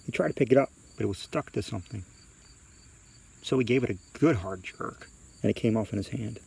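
A man reading a spooky story aloud in a hushed, suspenseful way. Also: fairly low pitch, a little fast, gravelly, slightly rough.

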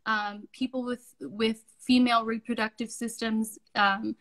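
A woman's voice: a little high, little pitch movement, unhurried, a bit bright, poor audio. A woman from Canada co-hosting a podcast, speaking earnestly and emphatically, sometimes bluntly. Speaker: podcast co-host. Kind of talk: casual chat.

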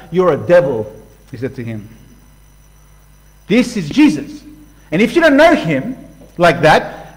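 A man preaching a sermon passionately, swinging from loud outbursts to hushed lines and acting out voices. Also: high-pitched, rough recording. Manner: acts out voices for illustration. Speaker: pastor.

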